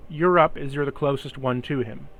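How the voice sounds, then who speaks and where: A man's voice: medium pitch, moderate pace, fairly bright tone, lo-fi sound. A man acting as game master, explaining the rules of a tabletop role-playing game patiently and step by step.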